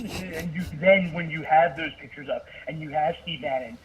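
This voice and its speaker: A man calling in to offer advice, hedging every point with fillers and putting himself down. His voice sits somewhat high and comes through a distant phone line. A faint hiss of noise lies under his words. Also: steady tone, fairly quick. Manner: hesitant, filler-heavy, self-deprecating. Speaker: caller, writer. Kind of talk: casual advice on a call.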